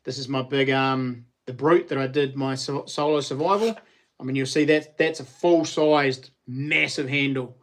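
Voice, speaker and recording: A man's voice: mid-range voice, fairly even intonation, moderate pace. A middle-aged man, chatting casually about his handmade knives, easygoing and rambling with ums and restarts. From New Zealand. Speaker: vlogger and knife maker. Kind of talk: casual show-and-tell chat.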